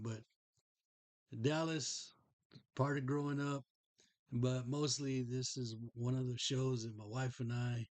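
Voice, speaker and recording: A man's voice: mid-range voice, dry recording. A middle-aged man, hosting a podcast and telling a rambling, folksy story about a collectible. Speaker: podcast host. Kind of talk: casual show-and-tell chat.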